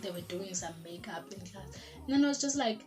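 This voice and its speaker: A woman's voice: mid-range voice, a little fast. Chatty South African woman telling a story. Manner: chatty, animated, mixing in isiZulu phrases, many "like"s. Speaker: vlogger. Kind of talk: casual storytime. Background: background music.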